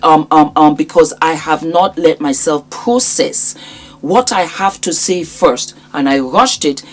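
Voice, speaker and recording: A middle-aged woman hosting her own channel, giving casual advice in an animated, emphatic way and repeating phrases for effect. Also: low-pitched. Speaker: YouTube host, speaking coach.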